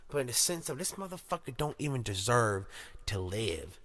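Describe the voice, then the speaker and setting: Bright-voiced profane podcast host. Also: male voice, mid-range voice, very animated, moderate pace. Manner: loud, swearing rants with shouted put-on voices. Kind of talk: profane casual monologue.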